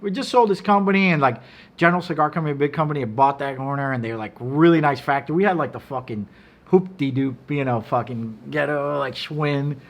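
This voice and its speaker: Animated, profane middle-aged storyteller man. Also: a little fast. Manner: animated, profane, acts out quotes in a loud high voice. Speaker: cigar brand owner. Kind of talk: casual storytelling.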